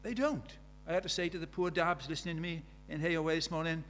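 A man's voice: fairly high pitch, lively intonation, fast, few pauses, fairly bright tone. An older man, preaching a sermon in a conversational way, full of rhetorical questions.

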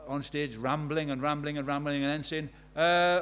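A man's voice: on the high side, fairly even intonation, moderate pace, few pauses, fairly bright tone, clear, resonant tone. A man preaching a sermon in an earnest way, telling stories and asking his listeners many questions.

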